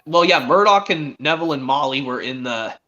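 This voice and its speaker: A man hosting a stream, chatting excitedly as a fan and rambling with frequent restarts. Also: mid-range voice, brisk. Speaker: stream host. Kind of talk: casual fan chat. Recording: dull lo-fi stream audio.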